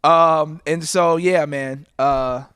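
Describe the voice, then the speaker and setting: A man co-hosting a casual livestream, animated and playful, often repeating his words. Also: a little high, takes it slowly, clear, resonant tone, dry recording, clean studio sound. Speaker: podcast co-host.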